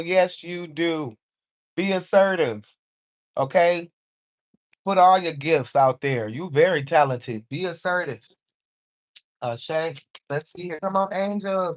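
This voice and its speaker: Live intuitive card reader, chatty and encouraging, tags "okay?" after each point. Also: mid-range voice. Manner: encouraging, repeats "okay?" often; informal speech, calls on angels.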